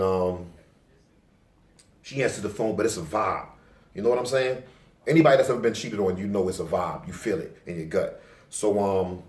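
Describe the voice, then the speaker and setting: A young man, casually telling a personal story in loose, profane street talk. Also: on the low side. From Staten Island, New York. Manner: loose, profane street talk, acting out his own past lines louder. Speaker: vlogger. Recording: roomy, distant from the mic.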